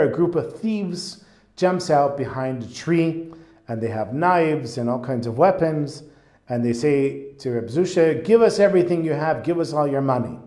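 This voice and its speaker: Chatty man telling a story, roomy echo. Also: mid-range voice. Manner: chatty, animated, with fillers. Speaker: Torah teacher. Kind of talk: casual storytelling lesson.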